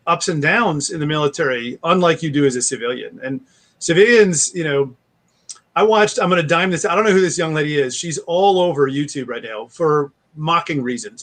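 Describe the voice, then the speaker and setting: Chatty man, slightly high voice. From United States. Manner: rambling storyteller, animated impressions. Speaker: guest author. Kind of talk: casual podcast interview.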